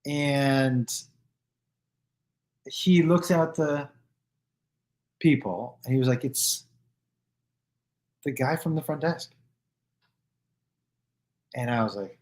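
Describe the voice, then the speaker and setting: A man hosting his own live stream, telling stories casually to viewers and acting out the people in them with loose, profane, animated delivery. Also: mid-range voice, slow pace, pauses often. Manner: animated, acts out quoted dialogue with "I go" and "he goes"; loose and profane, with restarts and fillers.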